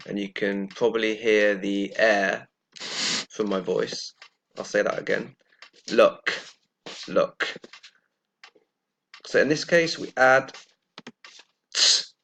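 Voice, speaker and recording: A man gives a pronunciation lesson, talking at an unhurried, measured pace. His voice has a gravelly, creaky edge, and he repeats each example word carefully so it can be heard clearly. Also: lowish voice, fairly even intonation, pushed and bright. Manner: slow and deliberate, repeating words carefully. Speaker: English teacher.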